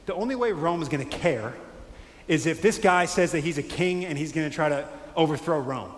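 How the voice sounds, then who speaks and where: A man preaching a sermon in a conversational, animated way, acting out quotes. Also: on the high side, fairly quick. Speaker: pastor. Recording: echoey hall with faint ambience.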